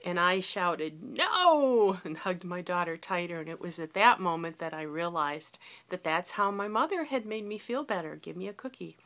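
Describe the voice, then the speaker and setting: A woman's voice: fairly low pitch, normal speed, few pauses, a bit bright. A woman in her forties talking candidly in a reflective personal video diary. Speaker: vlogger.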